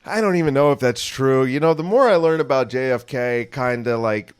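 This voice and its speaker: A man from New Jersey, a comedian guest, bantering in deadpan, mock-serious podcast talk. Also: mid-range voice, a little fast, smooth.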